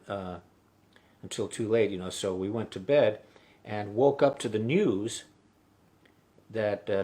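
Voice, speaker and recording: A middle-aged musician hosting a live stream chats casually between songs, telling a rambling story full of halts and restarts. His voice sits in the mid range and is a little mellow, picked up by a webcam stream mic.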